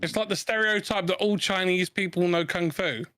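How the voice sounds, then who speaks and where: Casual gamer chat, south east london guy, higher voice, rambles and restarts. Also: moderate pace, sharp tone, no room sound. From England. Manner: rambling, restarts often, laughs easily. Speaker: gamer chatting with friends. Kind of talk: casual chat over gameplay.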